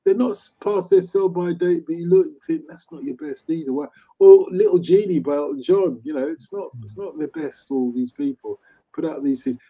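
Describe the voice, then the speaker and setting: Older guy cohosting, husky mellow voice, chatty and opinionated. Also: on the high side, moderate pace, poor audio. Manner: opinionated, chatty, laughs easily. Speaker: radio co-host. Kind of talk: casual chat about old chart songs.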